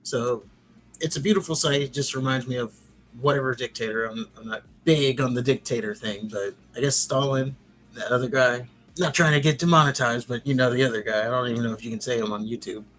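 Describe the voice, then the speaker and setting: A podcast host with a medium-pitched, slightly bright voice speaks briskly, giving a casual recap in a rambling, chatty way with frequent restarts.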